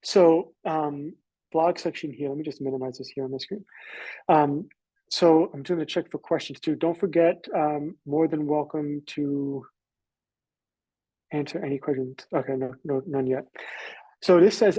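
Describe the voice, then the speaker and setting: An American man explains things on a live webinar in a relaxed, rambling way, pausing on fillers and restarting his sentences. His voice sits a little higher than most men's, and it is mellow and slightly husky. The recording is dry and close, with no room sound. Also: dry recording, poor audio. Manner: casual, loose, filler-heavy explaining. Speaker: webinar presenter.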